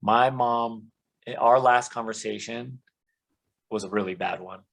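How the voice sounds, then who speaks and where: A man's voice: on the low side, measured pace, creaky, a bit bright, rough recording. A man earnestly telling his life story as a podcast guest, with many "um"s and "you know"s. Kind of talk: conversational testimony.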